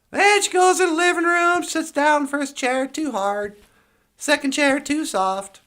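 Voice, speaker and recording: A woman's voice: sits high, expressive, a little slow, a bit bright. A woman podcast co-host telling a fairy tale in a playful, rambling, casual way. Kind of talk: casual storytelling.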